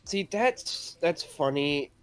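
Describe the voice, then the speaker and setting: A man's voice: on the high side, animated, slow, clean tone. A man co-hosting a casual podcast, ranting with profanity and mocking impressions of rude workers. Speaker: podcast co-host.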